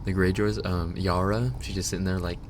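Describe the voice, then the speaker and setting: A man's voice: low voice, level tone, a little fast, a little hiss or hum. A man streaming live, ranting casually and with exasperation, swearing and laughing as he goes. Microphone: binaural dummy-head mic.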